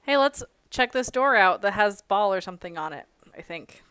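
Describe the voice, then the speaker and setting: A woman playing a tabletop game, chatting casually with fillers and quick asides. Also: mid-range voice, lively intonation, fairly bright tone, smooth, no echo. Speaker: player.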